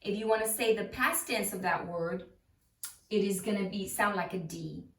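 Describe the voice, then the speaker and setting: A woman teaching a phonics lesson, who repeats sounds and words slowly to show how they are said. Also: medium pitch, gravelly, fairly bright tone, distant mic. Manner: slow, repeats sounds to demonstrate them. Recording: roomy, voice from off the mic.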